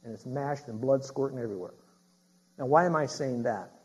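Husky-voiced preacher man, emphatic. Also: mid-range voice, a little fast. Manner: emphatic, builds to loud preaching; talks straight to the congregation with questions. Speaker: pastor. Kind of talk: sermon.

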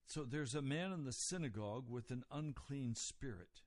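A man preaching a sermon, explaining scripture deliberately and pausing on key words. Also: medium pitch, expressive, a little mellow, dry recording.

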